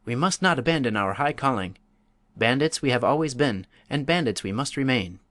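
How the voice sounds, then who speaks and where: A man voicing a fierce, boastful bandit in a storybook reading, loud and blustering. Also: medium pitch, animated, normal speed, no echo, natural voice.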